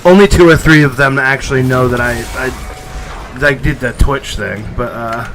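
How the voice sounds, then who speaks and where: A man's voice: mid-range voice, measured pace, a bit bright, a little hiss or hum, rough recording. A man streaming a video game in casual, joking commentary, sometimes swearing and reading the on-screen text aloud.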